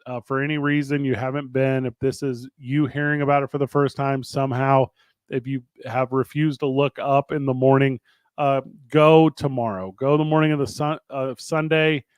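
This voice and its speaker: A man in his thirties from the St. Louis area of Missouri, a podcast co-host and wrestling promotion co-owner, chats casually on a talk show, telling stories, acting out both sides of conversations, and laughing often. His mid-range voice is clear and resonant, with flat delivery at a normal speed. There is no echo.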